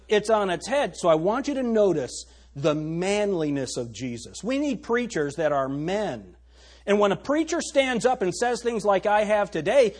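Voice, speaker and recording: A man's voice: high voice, breathy edge. A male pastor preaching a sermon, reading scripture aloud and pressing the congregation with emphatic rhetorical questions.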